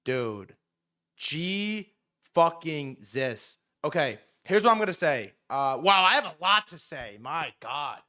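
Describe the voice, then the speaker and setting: A young man doing casual livestream commentary, excitable, swearing often, repeating himself and talking straight to his chat. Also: on the high side, takes it slowly. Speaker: streamer reacting to news.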